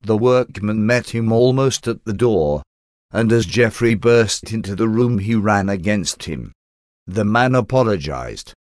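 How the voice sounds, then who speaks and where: Male narrator for a gothic audiobook, low voice, dry close-mic sound, measured delivery. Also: darkish tone, dry recording. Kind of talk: audiobook reading of a gothic tale.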